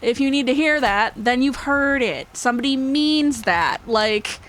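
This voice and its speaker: A woman's voice: high voice, lively intonation, a little slow, fairly bright tone. A young woman gaming YouTuber chatting to her viewers, emotional and rambling, laughing often and filling with "like". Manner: rambling with many fillers. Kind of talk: casual chat to viewers.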